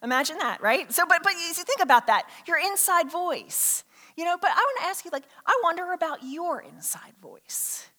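A woman's voice: very high-pitched, very animated, normal speed, sharp tone. A woman pastor preaching a sermon in a conversational way, with many fillers and restarts. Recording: long hall reverb.

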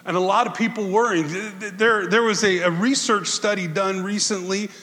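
A male pastor preaching a conversational sermon to his congregation, swinging from loud bursts to quiet asides. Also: normal speed, in a large hall. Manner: conversational preaching, animated swings in pitch and volume.

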